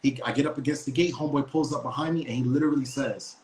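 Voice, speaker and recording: A man's voice: mid-range voice, steady tone, very fast, darkish tone. A man tells a story on a podcast, blunt and profane, stumbling and restarting his sentences as he goes. His voice sits in a middling register. The sound echoes around the room, with faint noise underneath. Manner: profane, emphatic, with many restarts. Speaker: podcast co-host. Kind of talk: casual storytelling. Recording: roomy echo.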